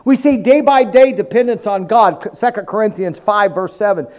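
A pastor preaching an animated sermon, acting out Bible stories and calling for amens from the congregation. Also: male voice, high voice, normal speed.

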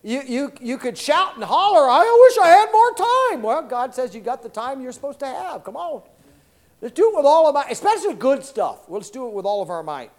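A man in his sixties preaching a sermon in a folksy, animated way, calling out to the congregation for responses. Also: very high voice, a little fast. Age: 60s.

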